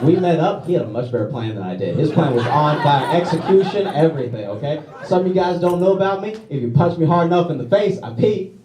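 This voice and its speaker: A man's voice: fairly high pitch, animated, fairly quick, crowd noise. A young man from Louisiana doing a stand-up comedy set on a club stage, casually tagging his lines with "all right?" and "okay?". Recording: roomy club sound, mic heard from a distance, audience laughter.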